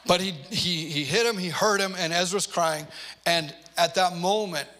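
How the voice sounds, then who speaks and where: A man in his forties preaching a sermon, telling stories with playful asides and lively, animated delivery. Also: high-pitched, measured pace, a little hiss or hum. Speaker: pastor.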